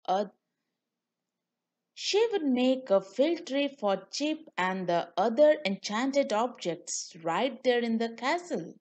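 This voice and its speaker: A woman reading a children's storybook aloud in a slow, sing-song way. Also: fairly high pitch, a little mellow. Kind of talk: children's read-aloud narration.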